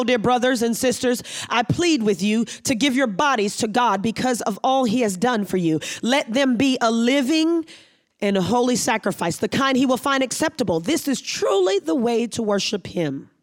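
Pastor delivering a sermon, emphatic and repetitive, reads scripture then explains it. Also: medium pitch. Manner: emphatic preaching with repeated phrases.

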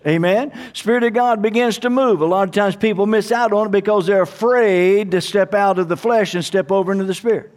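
A man's voice: high-pitched, normal speed, a little mellow. A man preaching a sermon to his congregation, emphatic and calling out hallelujah and amen. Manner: calls out to the congregation for responses. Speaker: pastor.

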